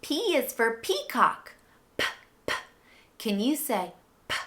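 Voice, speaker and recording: A woman's voice: on the high side, sing-song, slow. A woman hosting a toddler phonics lesson in an exaggerated, enthusiastic singsong baby-talk manner. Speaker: children's educational host. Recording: loud background music.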